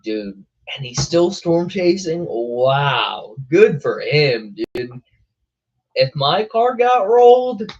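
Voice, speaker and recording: A man's voice: medium pitch, lo-fi sound. A young man hosting a weather show, chatting casually on a live stream, laughing often and calling people bro. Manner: laid-back, laughing, says bro a lot.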